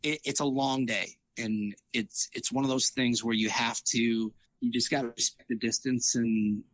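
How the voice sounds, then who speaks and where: A man's voice: medium pitch, steady tone, moderate pace, fairly bright tone, no echo. A man, a triathlete guest in a casual interview, telling stories animatedly, acting out quoted dialogue with lots of fillers and restarts.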